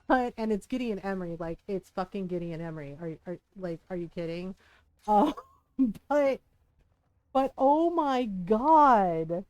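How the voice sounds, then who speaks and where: A woman's voice: medium pitch, animated, a little slow, darkish tone, dry recording. A woman game streamer in casual livestream chat, ranting heatedly, swearing often and breaking into laughs.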